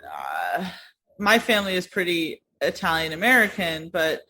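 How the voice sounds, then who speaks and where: A woman's voice: fairly low pitch, wildly swooping pitch, moderate pace, sharp tone, poor audio. Laughing, swearing New woman. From New York. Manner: laughs often, swears casually. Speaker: podcast co-host. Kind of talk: casual chat.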